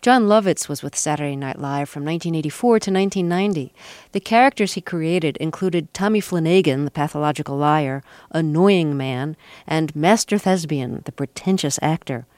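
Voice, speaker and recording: A woman's voice: low-pitched, a little mellow, no room sound. A woman hosting a radio interview, reading a scripted introduction and asking questions with slight stammers. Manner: measured, plainly read intro, halting stammer on questions. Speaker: radio host. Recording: dry studio radio mic.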